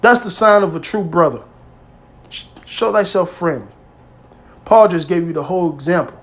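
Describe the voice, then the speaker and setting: A man preaching informally to his brothers, with emphatic, street-style speech that swings between loud exhortation and quiet, low asides. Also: normal speed. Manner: emphatic and streetwise, peppered with "man" and "hey", swearing freely. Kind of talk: informal scripture teaching.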